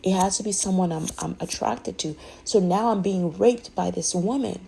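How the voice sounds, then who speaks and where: Woman with a gravelly, husky, warm voice; candid and emphatic, rambling with restarts. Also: on the low side, moderate pace, rough recording. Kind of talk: candid personal monologue.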